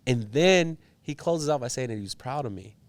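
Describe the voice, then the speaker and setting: A man's voice: medium pitch, fairly quick. Earnest young man telling a story. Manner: earnest, animated storytelling with many fillers. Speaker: politician guest. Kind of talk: storytelling interview.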